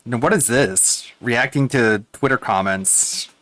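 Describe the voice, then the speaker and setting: A man's voice: mid-range voice, unhurried, hardly any pauses, a bit bright, no echo. Offhand man co-host in casual chat. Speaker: stream co-host.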